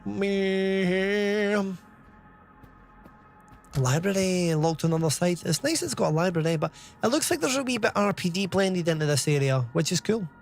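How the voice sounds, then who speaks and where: A man's voice: high-pitched, lively intonation, quick pace, creaky, hardly any pauses, faint music behind. A Scottish man in his thirties giving chatty live commentary while streaming a game, reading out chat and swearing casually. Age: 30s.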